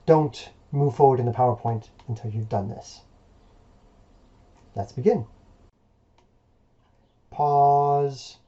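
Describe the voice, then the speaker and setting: A male teacher giving a recorded remote lesson in a relaxed, encouraging way, with plenty of hesitations and fillers. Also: mid-range voice, moderate pace, pauses often, muffled recording.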